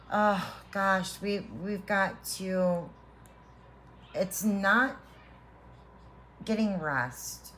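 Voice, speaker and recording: Reassuring her viewers, a woman tarot reader with a medium-pitched, slightly bright voice gives an earnest spiritual reading from the heart. She halts often and restarts her sentences, and a bit of background noise can be heard.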